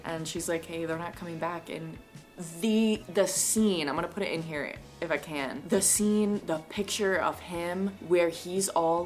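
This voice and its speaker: A woman in a casual vlog chat reacting to a manga, gushing and rambling with lots of "like". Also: fairly low pitch.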